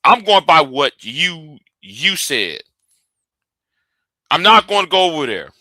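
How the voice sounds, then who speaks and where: A man's voice: a little high, very animated, slow, pushed and bright, no echo. A man hosting a live stream, ranting and arguing, often stumbling and repeating his words as he restarts sentences.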